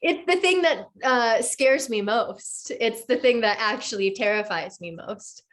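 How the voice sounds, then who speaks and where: A woman in her thirties, an actress appearing as a guest, chats casually in an interview and tells stories enthusiastically, acting out the quotes. Her voice is a little high with lively intonation, and she's unhurried. The background is noisy.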